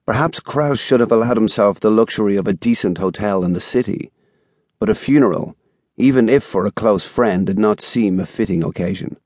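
A man reading a thriller audiobook in a measured, even storytelling style, recorded on a studio microphone. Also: on the low side, no echo. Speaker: audiobook narrator. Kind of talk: scripted narration.

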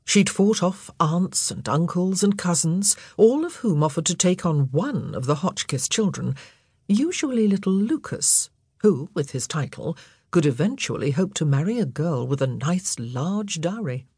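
A woman narrating a historical romance audiobook in a measured storytelling manner. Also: on the low side, lively intonation, a little mellow, breathy edge, no room sound, clean studio sound. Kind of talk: scripted narration.

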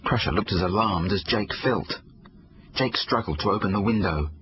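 A man reading his own children's book aloud, expressive storytelling. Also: fairly low pitch, normal speed, muffled recording, a little hiss or hum. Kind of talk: audiobook narration for children.

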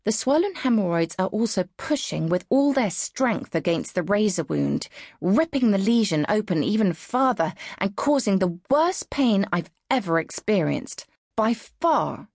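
An audiobook narrator, a woman, reads a novel in the first person with a frank, wry tone on a close studio mic. Her medium-pitched, slightly mellow voice has lively intonation and a moderate pace, with no room sound.

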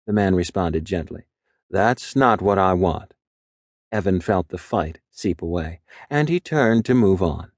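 A man reading an audiobook in a measured, even storytelling voice. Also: deep voice, no echo, clean studio sound. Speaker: audiobook narrator. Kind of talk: scripted narration.

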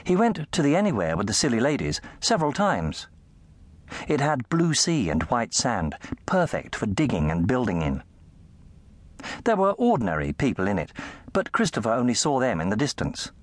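A man narrating a children's fantasy audiobook in an animated storytelling manner. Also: moderate pace, dry recording. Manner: animated storytelling, shifting pitch for effect. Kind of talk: scripted narration. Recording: dry close studio sound.

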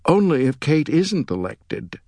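A man's voice: a little high, very animated, measured pace, darkish tone, no room sound, studio quality, voice pushed up. A man reading an audiobook, voicing a tearful, earnest young woman who works as a political chief of staff, with his voice raised.

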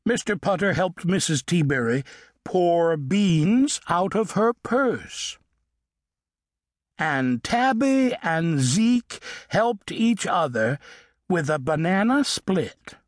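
A man reads a children's story aloud, taking his time and giving words playful emphasis. His voice sits fairly high and moves all over in pitch, and the studio recording is close and dry. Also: very animated, slow, no room sound. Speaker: audiobook narrator. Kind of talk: children's audiobook narration. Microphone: studio microphone.

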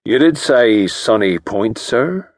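A man voicing a sly, curious old ferryman with a soft West Country accent and a rural drawl, in an audiobook. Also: fairly low pitch, animated, takes it slowly, no room sound, clean studio sound, voice pushed up. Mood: folksy.

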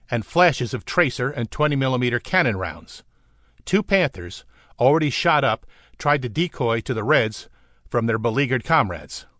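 A man narrating an adventure audiobook in a steady, vivid storytelling manner. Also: medium pitch, dry recording, clean studio sound. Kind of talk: scripted narration.

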